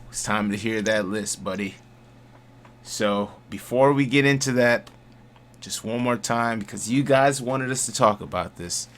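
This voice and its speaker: A man's voice: medium pitch, a bit bright. A man hosting a casual gaming podcast, easygoing and steering the talk with questions. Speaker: podcast host.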